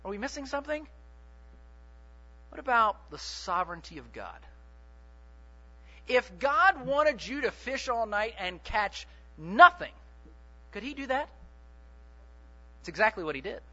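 A man preaching a sermon in an animated, joking way, often putting questions to the congregation. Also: high voice, unhurried, long pauses, lo-fi sound.

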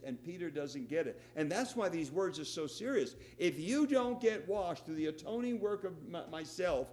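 Animated male pastor preaching. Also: a little hiss or hum. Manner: animated, acts out quoted lines with raised pitch. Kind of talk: sermon.

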